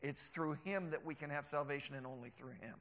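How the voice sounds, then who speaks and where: A man preaching a sermon, animated, sometimes mimicking mocking scoffers. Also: a little high, a little fast. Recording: long hall reverb.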